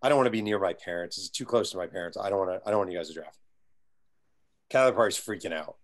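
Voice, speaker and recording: Speaking fast with a fairly bright tone and a fairly low pitch, a man being interviewed as an author spins a lengthy story. He delivers the anecdote with energy and acts out each of its characters.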